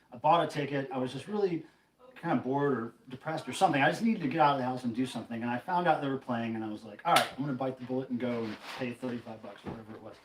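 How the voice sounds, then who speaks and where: A man hosting a casual livestream, telling a rambling, animated story. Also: mid-range voice, reverberant, slight background noise, low-quality recording. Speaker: livestream host.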